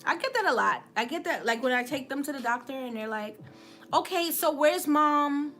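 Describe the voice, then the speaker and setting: A woman's voice: a little high, expressive, fast, bright, forceful tone, faint music behind. A woman, hosting a casual livestream, chatting with viewers and laughing often as she tells a story. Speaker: livestream host.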